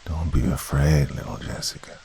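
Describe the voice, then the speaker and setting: A man's voice: rumbling low, fairly even intonation, moderate pace, dark tone, slight background noise. A man voicing a shadowy demon with a childlike, mocking, whispered voice, in a horror story reading.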